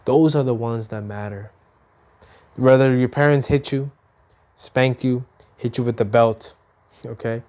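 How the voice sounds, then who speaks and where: A man in his thirties from Mexico, chatting to camera, who tells stories with lively voices for his mom and himself and often repeats and restarts his words. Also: unhurried, long pauses. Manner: animated storytelling, acts out his mom and himself with big jumps up in pitch. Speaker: vlogger. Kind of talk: casual chat to camera.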